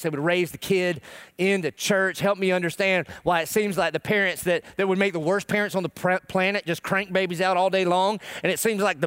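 Impassioned male pastor, crisp dry voice. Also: high voice, no echo. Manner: emotional, swings between loud pleading and hushed tones. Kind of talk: sermon. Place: church.

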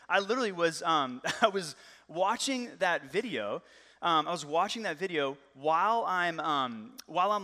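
Animated preacher in a big echoing hall. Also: male voice, on the high side. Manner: casual, conversational, gets animated and loud. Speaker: pastor. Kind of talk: sermon. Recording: long reverb of a large hall.

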